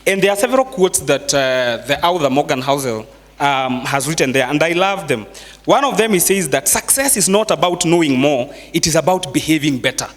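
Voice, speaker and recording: Kenyan man, seminar speaker, slightly high voice, quizzes the crowd, long hall reverb. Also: lively intonation, a little fast. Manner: conversational, quizzes the audience, mixes in Swahili phrases. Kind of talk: live motivational finance talk. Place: large hall with a live audience.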